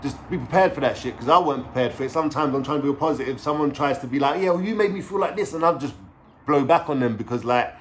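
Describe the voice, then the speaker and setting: A young man with a London street accent tells a story straight to camera. His voice sits at a middle pitch, and he talks in loose slang, swears freely and keeps asking "you know what I'm saying?". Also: fast talker, a bit bright, a little hiss or hum. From London, England. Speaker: vlogger.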